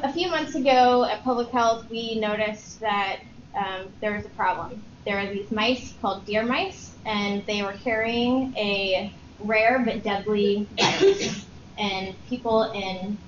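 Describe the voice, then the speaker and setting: Woman with a small squeaky voice presenting. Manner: clear, explanatory, checks in with audience. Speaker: public health digital lead, presenter. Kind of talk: workshop presentation. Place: meeting room. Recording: muffled, roomy, noisy.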